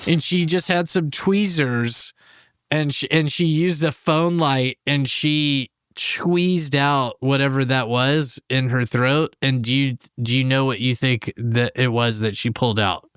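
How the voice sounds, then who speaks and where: A man co-hosting a podcast, telling a rambling, animated anecdote to friends with lots of restarts. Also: mid-range voice, a little slow, clean tone, no room sound, clean studio sound. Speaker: podcast co-host. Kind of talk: casual storytelling among friends.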